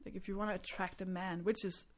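A woman's voice: mid-range voice, little pitch movement, fast talker. A young woman from Denmark talks like a stand-up comedian on a podcast. Her stories are frank and self-mocking, and laughter keeps breaking into her lines. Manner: candid, self-deprecating storyteller who laughs often. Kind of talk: casual podcast chat.

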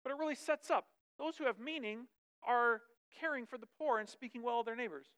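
A woman preacher giving a conversational sermon, lively and chatty, often checking in with her listeners. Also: a little high, fairly quick, smooth.

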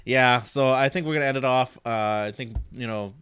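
A man's voice: mid-range voice, fairly quick, fairly bright tone, smooth, dry recording. A man hosting a casual podcast, loose and profane, often laughing as he signs off. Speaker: podcast host.

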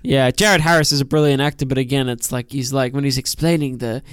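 Young male podcast co-host, smooth clear voice, dry close sound, measured and thoughtful. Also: mid-range voice, no room sound. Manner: thoughtful, measured, hesitant restarts. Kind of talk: casual film review chat.

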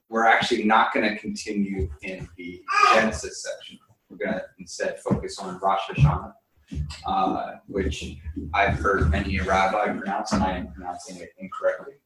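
A man with a lowish voice leads a Bible study class, chatting loosely and stopping often for an um or a restart. He is picked up from across a very echoey room, with faint noise behind. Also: fairly even intonation, normal speed, a bit bright, recorded from a distance. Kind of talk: casual class teaching. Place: room with a group, also streamed online.

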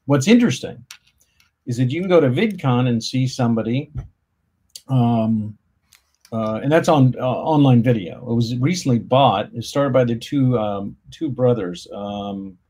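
A man's voice: mid-range voice, measured pace, mellow, slightly rough. A man guest on a podcast, explaining things casually with hesitant restarts. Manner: explanatory, many fillers and restarts.

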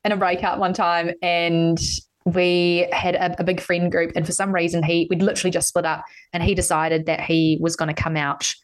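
A woman's voice: lowish voice, level tone, moderate pace. Candid, swearing woman telling stories. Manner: candid, swears freely, storytelling. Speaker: podcast host. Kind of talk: casual podcast chat.

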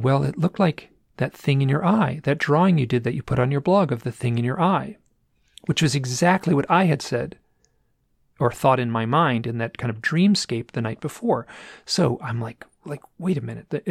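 A man's voice: medium pitch, lively intonation, normal speed, gravelly, slightly rough, no room sound, studio quality. A man telling a personal story in a casual, rambling way, with restarts and repeated phrases. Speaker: guest telling an experience.

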